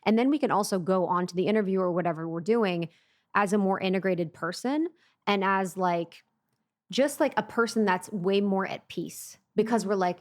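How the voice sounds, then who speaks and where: A woman's voice: mid-range voice, moderate pace. A woman podcast host, reflective and affirming as she talks through ideas in casual conversation.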